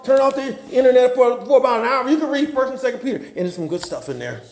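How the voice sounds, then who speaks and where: High, gravelly preacher in an echoey room. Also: male voice, fast talker. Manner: animated, folksy storytelling with humor. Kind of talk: sermon. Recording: roomy echo.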